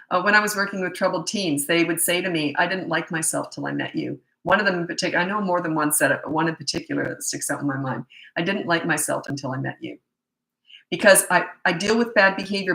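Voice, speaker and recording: A woman in her sixties, working as a parenting coach, gives frank, chatty advice during a live Q&A, laughing easily and acting out snippets of dialogue. Her voice is lowish and a bit bright, recorded in an echoey room.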